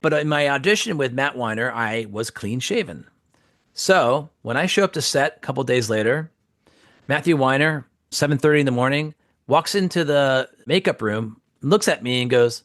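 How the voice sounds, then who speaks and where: A man's voice: moderate pace, soft background music. A man, an actor and comedian, telling a story casually and acting out the quotes with big jumps in his voice. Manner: animated, acts out quotes with big pitch jumps.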